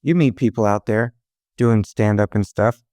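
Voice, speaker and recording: A man's voice: lowish voice, normal speed, mellow, no echo, studio quality. A young man and stand-up comedian, a podcast guest, telling loose, profane stories with laughs. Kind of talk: casual storytelling chat.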